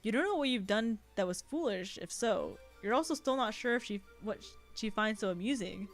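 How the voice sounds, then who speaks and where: A woman's voice: mid-range voice, brisk, hardly any pauses, soft background music. A woman streamer reading a visual novel aloud, adding giggly, sweary asides. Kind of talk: reading a game aloud with commentary.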